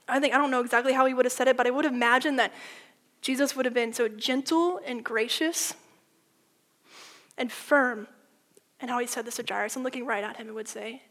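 A woman preaching a sermon in a casual, animated storytelling way, full of "like", swinging between loud and hushed. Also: on the high side. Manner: informal, with frequent "like".

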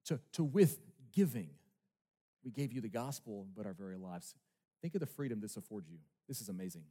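Animated male preacher in an echoing hall. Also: on the low side, fairly quick. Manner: emphatic, with rhetorical questions. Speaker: pastor. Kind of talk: sermon. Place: church sanctuary. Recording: long reverb of a large hall.

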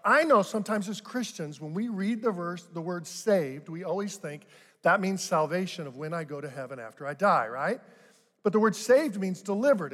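High-voiced older male pastor preaching. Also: fairly bright tone. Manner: conversational preaching with rising emphatic bursts. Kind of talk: sermon. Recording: long hall reverb.

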